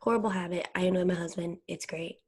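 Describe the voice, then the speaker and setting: A young woman co-hosting a casual podcast, reacting with quick agreeing interjections and light teasing. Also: on the low side, steady tone, a crowd in the background. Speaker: podcast co-host. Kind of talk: casual chat.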